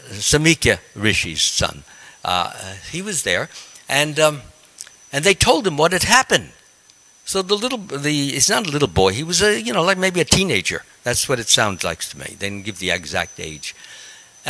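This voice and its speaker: A man, a monk, telling a scripture story in a class, halting with frequent ums and restarts. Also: medium pitch, pushed and bright.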